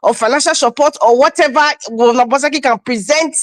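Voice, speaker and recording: A woman's voice: sits high, fast talker, no echo. A woman from Nigeria on an online panel, arguing her point insistently and often repeating herself. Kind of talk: heated online panel debate.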